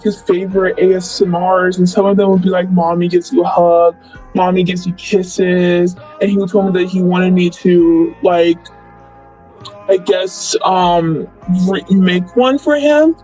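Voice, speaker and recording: Young man, high-pitched, rambling casual storytelling, faint music in the background. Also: a little mellow, rough recording. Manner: rambling, full of "like" and "blah, blah".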